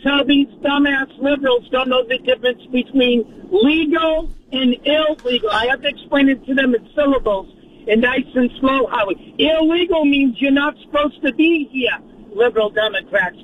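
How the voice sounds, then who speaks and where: A man calls a talk show to rant, emphatic and mocking. His voice sits very high and comes through a tinny phone line with faint traffic noise behind. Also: normal speed. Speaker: caller. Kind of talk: call-in rant.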